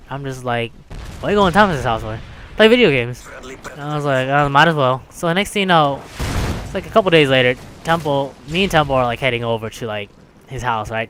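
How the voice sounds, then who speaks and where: A man's voice: medium pitch, fairly bright tone, a little hiss or hum. Rambling young man telling a story. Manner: rambling, full of "like" and "right?". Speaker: vlogger. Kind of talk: casual storytelling.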